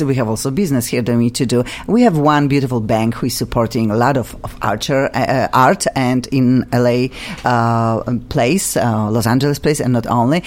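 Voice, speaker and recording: A woman with a Polish accent hosting a radio talk show, effusive and gushing in halting English. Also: extremely low pitch, a little mellow, slight background noise. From Poland. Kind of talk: casual radio chat.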